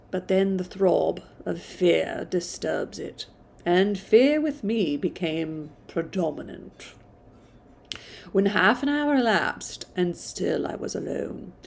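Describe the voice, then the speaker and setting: A woman's voice: mid-range voice, gravelly, darkish tone. A woman reading a classic novel aloud, stumbling now and then and stopping for casual asides. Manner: stumbles and restarts, self-commenting.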